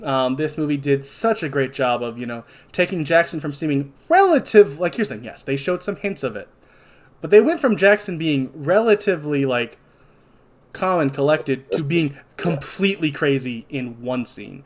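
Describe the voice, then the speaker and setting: A man's voice: fairly high pitch, expressive, normal speed. A young man co-hosting a casual podcast, recapping a horror film plot in a rambling way with many fillers. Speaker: podcast co-host. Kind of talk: casual movie review chat.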